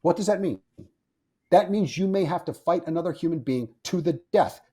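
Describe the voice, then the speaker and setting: Blunt opinionated guy on a podcast, husky mellow voice, swears a lot, keeps repeating himself. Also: on the high side, moderate pace. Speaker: firearms instructor, guest. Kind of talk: casual podcast interview.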